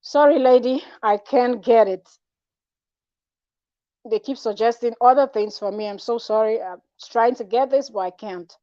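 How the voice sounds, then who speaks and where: A woman's voice: a little high, normal speed, dark tone, no room sound, muffled recording. A woman vlogger talking casually and frankly, rambling with restarts and asides. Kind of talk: casual commentary vlog.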